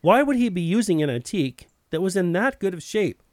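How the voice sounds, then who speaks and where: Man narrating a story, first person, wry and plain, fairly high voice, dry close sound. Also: big pitch swings, brisk, dry recording.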